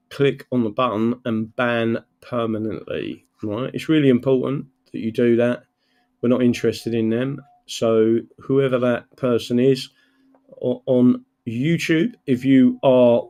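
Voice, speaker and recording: Tired, gravelly-voiced man streaming live. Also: mid-range voice, darkish tone. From England. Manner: reads out viewer names, rambling with many fillers. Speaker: livestream host. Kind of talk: casual livestream chat. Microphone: computer mic, camera off.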